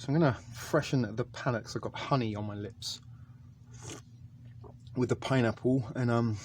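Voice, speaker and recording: A man's voice: fairly low pitch, darkish tone, a little hiss or hum. A man casually reviewing a ration pack on camera, talking in a hesitant, chatty way with many ums. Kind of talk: casual food review vlog.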